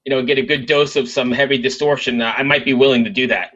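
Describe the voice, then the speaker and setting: Man, podcast co-host, bright voice, playful, laughs easily. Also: medium pitch, steady tone, dull audio. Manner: playful, encouraging, quick to laugh. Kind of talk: casual podcast chat.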